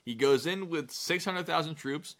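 Man, podcast host, crude comic storytelling, bright sharp voice. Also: fairly high pitch. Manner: crude, jokey, acts out historical figures in quick asides. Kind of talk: casual comedic history chat.

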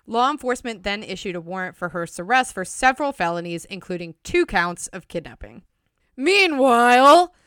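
A woman's voice: mid-range voice, a bit bright, clean tone, no echo, studio quality. A young woman co-hosting a podcast, retelling a true-crime case from notes with chatty asides. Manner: reads notes with chatty asides and frequent laughter. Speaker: podcast co-host. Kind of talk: casual true-crime storytelling.

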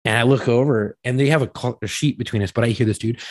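Here a podcast co-host with a slightly rough, mid-range voice talks fairly quickly in a dry recording. His long, casual story is full of constant swearing and animated impressions of the people involved.

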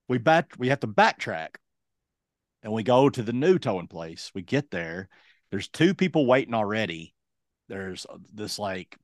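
A young man and podcast co-host telling a casual, lively anecdote, acting out other people's lines as he goes. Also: lowish voice, no echo, clean studio sound. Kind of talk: casual storytelling.

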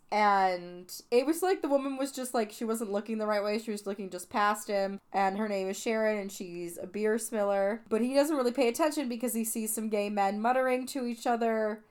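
A woman's voice: mid-range voice, clear, resonant tone. A young woman hosting a podcast, talking through a film in a casual, chatty way with lots of "like" fillers. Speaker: podcast host. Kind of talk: casual film review monologue.

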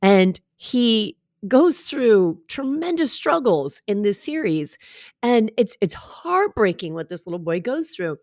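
A woman's voice: medium pitch, very animated, slow, darkish tone, no echo. Woman coach with a mid-range voice, passionate and direct, recorded dry with no room sound. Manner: passionate, earnest and emphatic; conversational, speaking directly to the listener. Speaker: breast cancer coach.

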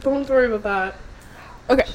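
A woman's voice: fairly high pitch, brisk, a little hiss or hum, low-quality recording. A young American woman co-hosting a podcast, chatting casually in cheeky, laughing banter and swearing freely. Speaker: podcast co-host. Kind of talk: casual chat.

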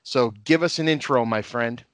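A man's voice: medium pitch, moderate pace, dry recording. Laid-back man hosting a podcast. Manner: laid-back, laughs often, many fillers. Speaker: podcast host. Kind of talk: casual podcast chat.

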